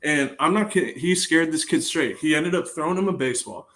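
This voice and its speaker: A young man, a guest on a podcast, chatting casually and telling lively stories that often trail off and restart. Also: a little high, brisk, low-quality recording. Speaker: guest, bullpen catcher.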